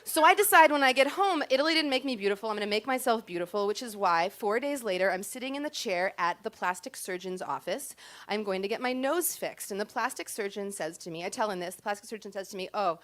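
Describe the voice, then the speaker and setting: A woman's voice: mid-range voice, lively intonation, a little fast, a bit bright. A woman performing a comic personal story in a chatty, self-deprecating way, timing her punchlines.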